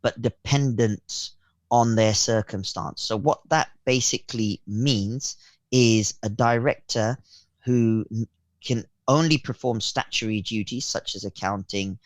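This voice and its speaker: A man's voice: on the low side, no echo. A man explains business schemes on a radio interview, stumbling through fillers and false starts. He sounds close and dry on a studio microphone. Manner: halting, many fillers and restarts. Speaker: accountant guest.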